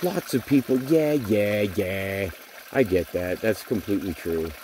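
A man's voice: lowish voice, measured pace, a little mellow, slight background noise. A man in his forties venting in a bitter, profane vlog monologue. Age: 40s. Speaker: vlogger.

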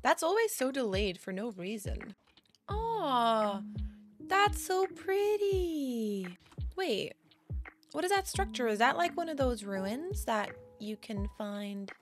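A woman giving casual, chatty gameplay commentary, easily excited and gasping at new finds. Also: a little high, unhurried. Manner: chatty, excitable, gasps at discoveries. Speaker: Minecraft gaming creator. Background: background music.

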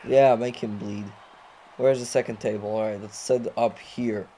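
A young man commenting on his own wrestling video game playthrough, often frustrated and yelling or swearing at the game. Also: lowish voice, steady tone, normal speed, a little hiss or hum. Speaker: gamer recording a playthrough. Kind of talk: live gameplay commentary.

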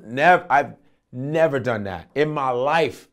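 A male comedian guest in a casual interview, telling animated stories and acting out voices. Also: on the high side, moderate pace. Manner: animated storytelling with acted-out voices.

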